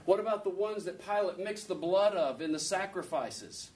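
A man's voice: a little high, moderate pace, a little mellow. A man preaching a sermon in a conversational way, asking his listeners question after question. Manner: conversational, asks rhetorical questions. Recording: distant mic with faint background noise.

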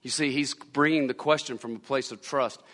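A man's voice: mid-range voice, fairly even intonation, moderate pace, fairly bright tone. A man preaching a sermon as pastor, repeating phrases for emphasis. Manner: preaching with repetition and rising emphasis. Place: church sanctuary. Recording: long church-hall reverb.

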